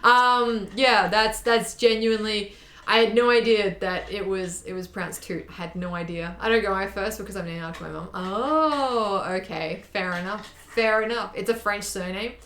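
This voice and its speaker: A woman's voice: medium pitch, normal speed, a bit bright. Chatty Australian woman in an echoey room. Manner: chatty, self-mocking, laughs often, reads chat aloud. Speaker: sewing streamer. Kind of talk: casual live-stream chat while sewing.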